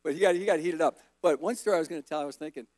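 A man in his fifties giving a relaxed, rambling personal testimony as guest speaker at a church service. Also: a little high, rapid-fire, dry recording. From Colorado, USA. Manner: relaxed, folksy, rambling with fillers.

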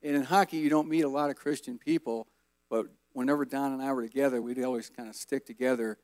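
A man's voice: mid-range voice, fast talker, no echo. Folksy man sharing a church testimony. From Colorado, USA. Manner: relaxed, folksy, rambling with fillers. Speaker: guest speaker. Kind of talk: personal testimony storytelling. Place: church service.

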